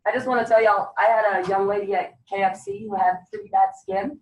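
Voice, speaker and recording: A woman's voice: medium pitch, fairly even intonation, a little fast. A woman beauty consultant telling a story at a sales meeting in an emphatic, direct way. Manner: emphatic and direct, urging boldness. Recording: echoey room, distant mic, faint background hum.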